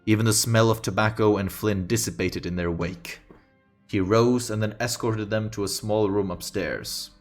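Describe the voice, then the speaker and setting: Male streamer-storyteller, low and steady, light music underneath. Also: normal speed. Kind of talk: reading a fantasy story aloud on a stream.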